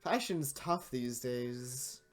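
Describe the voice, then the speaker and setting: A woman hosting a let's play, reading game text aloud and reacting with frequent swearing and sudden loud exclaims. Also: a bass voice, extremely slow. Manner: swears freely, breaks into loud exclaims and laughter.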